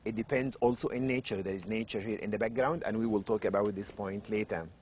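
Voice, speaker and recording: A middle-aged man with an Arabic accent, lecturing in English on children's literature, animated and fond of rhetorical questions, raising and lowering his voice for emphasis. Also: fast talker, a little hiss or hum. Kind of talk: university lecture.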